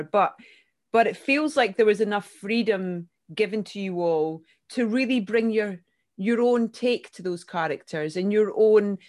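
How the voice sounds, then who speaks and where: A woman interviewing actors, asking long, meandering questions full of restarts. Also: medium pitch. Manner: warm rambling questions with many restarts. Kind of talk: casual interview.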